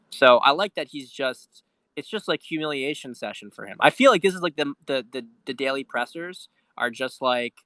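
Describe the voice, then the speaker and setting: A man talks through a casual political livestream, reading viewer questions and rambling as he goes. His voice is bright and forceful. He swears freely and restarts his sentences. The recording is dry and close, with no room sound. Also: on the high side, dry recording. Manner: rambling, profane, repeats words and restarts; reads viewer questions aloud. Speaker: livestream host.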